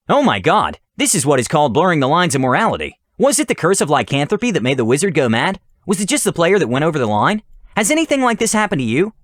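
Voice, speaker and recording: Lively male story narrator. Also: mid-range voice, no room sound. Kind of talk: narrating a tabletop game story.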